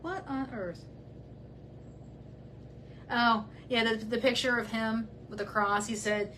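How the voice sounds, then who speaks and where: A woman's voice: a little high, fairly even intonation, takes it slowly, pauses often, pushed and bright, a little hiss or hum, rough recording. A woman hosting a true crime channel, giving casual commentary as she reads messages aloud, blunt and heated as she talks back to the person she discusses.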